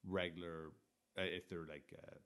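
A man's voice: sits low, little pitch movement, moderate pace, a bit bright, clean tone. A man co-hosting a podcast in casual, sweary, rambling chat, self-deprecating about his own wrestling.

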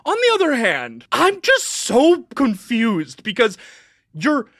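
A woman's voice: on the high side, wildly swooping pitch, slow pace, no room sound, clean studio sound, heavily acted. A woman voicing a flustered, pompous male pizza delivery man who rambles and panics. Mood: mock-pompous.

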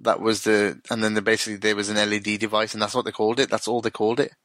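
A man co-hosting a casual podcast, talking fast and swearing, his voice jumping up high when he finds something funny. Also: no echo. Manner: animated, swears freely, voice jumps up when amused. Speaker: podcast co-host. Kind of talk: casual chat reviewing TV episodes.

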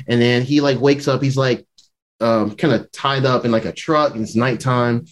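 A podcast host recaps an episode casually and at length, using lots of filler words, acting out the characters' lines, and laughing often. His voice is mid-range and his pace normal.

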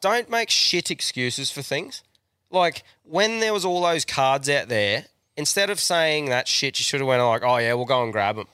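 A man's voice: mid-range voice, lively intonation, moderate pace, sharp tone, smooth, dry recording, clean studio sound. A young Australian man co-hosting a podcast, telling a crude, sweary rant in casual chat. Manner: crude, swearing, ranting storyteller. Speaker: podcast co-host.

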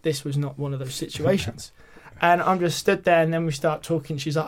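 Chatty young British man, slightly high voice. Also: fairly even intonation, fairly quick, few pauses. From Britain. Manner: chatty storyteller, lots of filler words. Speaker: podcast guest. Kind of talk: casual chat.

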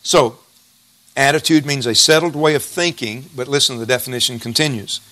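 Folksy preaching man, bright voice. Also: mid-range voice, normal speed. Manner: folksy, emphatic repetition of key phrases. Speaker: pastor. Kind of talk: sermon.

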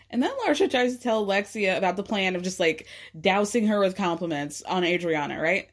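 A woman's voice: mid-range voice, fairly quick, hardly any pauses. A woman giving casual recap commentary with sarcastic asides and frequent laughs. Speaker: recap vlogger.

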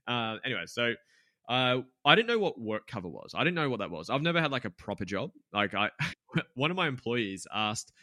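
A man's voice: medium pitch, very animated, fairly quick, pushed and bright, dry recording, studio quality. A man, a podcast guest telling a business story in a candid, rambling way, swearing freely and using lots of fillers. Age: 20s.

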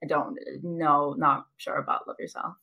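A woman's voice: low voice, flat delivery, normal speed, gravelly, sharp tone. A woman co-hosting a podcast, chatting casually, laughing often and slipping into quoted asides. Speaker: podcast co-host. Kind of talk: casual chat.

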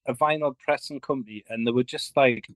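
A man's voice: mid-range voice, fairly quick, fairly bright tone, no room sound, poor audio. A man with a Geordie accent, a guest musician chatting on a video call, telling stories with jokes and swearing. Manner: joking storyteller, swears freely, acts out quotes. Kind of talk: casual chat.

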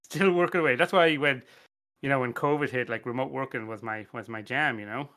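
A man's voice: mid-range voice, fairly quick, sharp tone. A young Irish man hosting a casual podcast, rambling, self-deprecating, laughing and swearing as he chats. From Ireland. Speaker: podcast host.

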